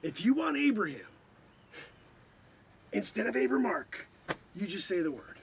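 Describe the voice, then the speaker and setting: A man hosting an improvised comedy stream, sounding a bit hoarse, swinging from mock-outraged shouting to low muttering. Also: very animated, measured pace, a little hiss or hum. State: hoarse, losing his voice.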